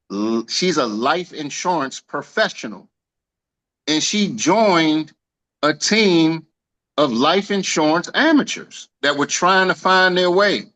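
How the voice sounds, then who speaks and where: A man giving a casual celebratory speech on a video call, telling a lively slangy story and acting out the dialogue. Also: fairly high pitch, rough recording. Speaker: team leader honoring an agent.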